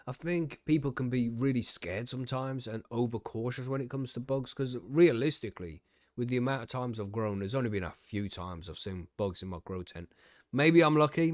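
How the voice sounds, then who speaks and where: A man hosts a relaxed podcast conversation, cracking jokes and laughing between points. His voice sits in a middle pitch. The sound is dry, with no room echo. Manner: joking, laughs often, playful asides. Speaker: podcast host. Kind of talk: casual podcast chat.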